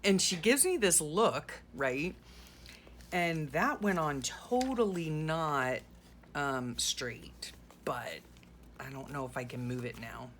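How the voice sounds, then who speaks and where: A woman's voice: rumbling low, takes it slowly, a bit bright, a little hiss or hum. A middle-aged woman chatting casually while gluing things into a journal, rambling through a story with sarcastic asides. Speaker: journaling vlogger. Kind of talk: casual chat while crafting.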